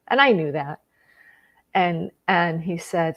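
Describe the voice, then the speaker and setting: Gravelly woman telling an emotional story. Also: lowish voice, expressive, slow, long pauses, a bit bright. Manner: emotional, tearful at times, many restarts. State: tearing up. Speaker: personal growth vlogger. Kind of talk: personal storytelling.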